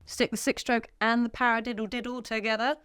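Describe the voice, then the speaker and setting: A woman's voice: a little high, little pitch movement, fairly quick. A woman teaching a drum lesson, upbeat and counting beats aloud as she plays. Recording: music studio with loud drum kit.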